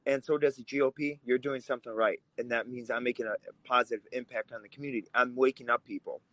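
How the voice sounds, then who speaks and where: A man's voice: mid-range voice, steady tone, fast talker, a bit bright, no echo, poor audio. A man who grew up in Russia, co-hosting a political podcast, talking in a heated, emphatic way. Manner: fired up, emphatic, swears when angry. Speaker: podcast co-host.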